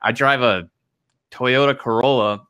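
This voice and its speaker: Man, show host, bright voice, casual laid-back chat, laughs easily. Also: medium pitch, fairly even intonation, a little slow, clear, resonant tone.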